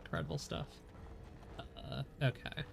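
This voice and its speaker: A man's voice: a little high, fairly even intonation, measured pace, creaky. A congested man chats through a game stream, joking at his own expense. His voice sits mid-range. Faint game music plays in the background. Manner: chatty, self-deprecating. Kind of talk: casual gameplay commentary.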